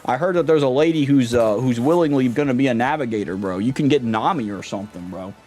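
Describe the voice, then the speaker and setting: Chill streamer dude, slangy, thanking chat, faint game music under him. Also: male voice, mid-range voice, a little mellow, husky. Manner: laid-back, slangy, greeting chat by name. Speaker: livestreamer. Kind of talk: casual live-stream chat.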